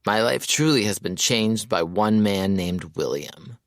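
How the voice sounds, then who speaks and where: A man puts on a lovestruck young guy in an audiobook who drawls romantic verse slowly and theatrically. The voice sits a little low and the sound is close and dry. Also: lively intonation, no echo. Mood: swooning, dramatic. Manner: slow, dreamy, theatrical delivery.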